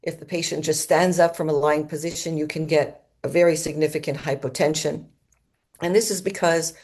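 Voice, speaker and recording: A woman's voice: fairly low pitch, mellow. A woman giving a lecture at a medical conference in an auditorium, explaining symptoms and now and then imitating them with her own voice. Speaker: conference speaker.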